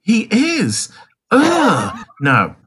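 A man's voice: high-pitched, wildly swooping pitch, very slow, a bit bright, breathy edge. A man co-hosting a casual podcast chat, dramatic and theatrical in his disgust. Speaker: podcast co-host.

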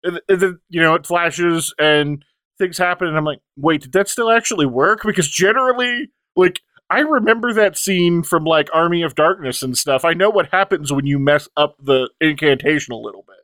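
A man's voice: on the high side, moderate pace, fairly bright tone, no room sound. A man co-hosting a podcast, chatting casually about a tabletop game session and rambling through asides while quoting the other players. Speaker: podcast co-host.

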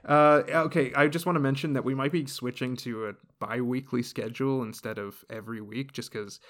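A man's voice: medium pitch, fairly even intonation, a little fast, a bit bright. A young man co-hosting a casual podcast, laid-back, laughing often and trailing off mid-thought. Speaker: podcast co-host. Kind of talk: casual chat.

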